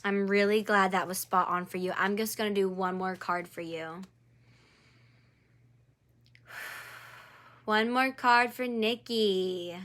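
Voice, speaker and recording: A woman's voice: medium pitch, steady tone, slow pace, pauses often, fairly bright tone. A woman doing a live-streamed angel card reading. She speaks to one viewer by name, encourages her, and repeats her phrases.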